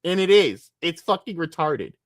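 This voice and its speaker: Guy streamer cussing and mocking, yells then mutters, dry close sound. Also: fairly high pitch, very animated, moderate pace, no echo. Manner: profane, mocking rants; shifts between shouting and muttering. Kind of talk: reaction stream commentary.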